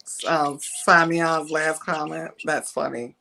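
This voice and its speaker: A woman's voice: deep voice, fairly even intonation, slow pace, gravelly, bright, forceful tone. A woman co-hosting a casual talk stream, chiming in with brief remarks. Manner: brief interjections and laughter. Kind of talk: casual chat.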